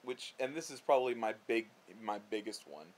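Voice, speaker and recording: A man co-hosting a casual vlog chat, rambling and animated, often restarting his sentences. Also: mid-range voice, brisk. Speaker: vlog co-host.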